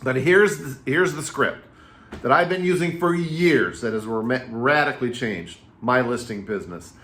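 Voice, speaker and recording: A man in his fifties coaches real estate agents in a casual, energetic way, leaning on repetition and anecdotes. His voice sits at an ordinary middle pitch. The room around him gives it a noticeable echo. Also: moderate pace. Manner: energetic, chatty storyteller with repetitive phrasing. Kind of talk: casual coaching talk to camera. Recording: roomy echo.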